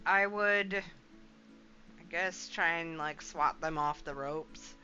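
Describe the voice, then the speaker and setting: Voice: mid-range voice, slow, bright, forceful tone. A player in a tabletop game, thinking aloud and hesitating while deciding actions. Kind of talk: casual tabletop play. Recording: lo-fi with faint background music.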